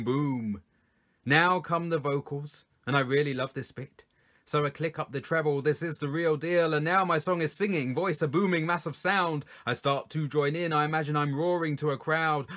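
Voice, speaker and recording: A man reading his poems aloud for children, coaching listeners to join in and swinging from loud calls to soft whispers. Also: a little high. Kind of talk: performance poetry reading for children.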